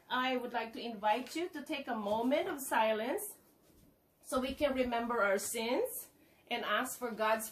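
A woman's voice: fairly high pitch, slight background noise. A woman leading a children's liturgy, asking questions and guiding the group through prayers and responses. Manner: asks questions and prompts responses.

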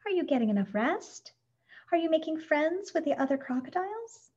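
An anxious, doting storybook lady full of worried questions, as a woman reader acts her out. Her voice sits high and fluttery. The recording is dull and lo-fi. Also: sing-song, moderate pace, darkish tone. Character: fretful, doting middle-aged woman caring for a crocodile. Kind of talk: storybook read-aloud.

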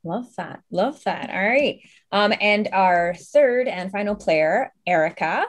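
A woman's voice: mid-range voice, animated, takes it slowly. A woman running a tabletop horror game as game master, upbeat and chatty as she introduces players and sets the scene.

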